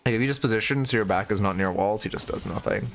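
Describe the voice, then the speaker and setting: Man, low voice, casual stream coaching, blunt, opinionated, swears, faint background noise. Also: fast talker, vocal fry. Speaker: video game coach.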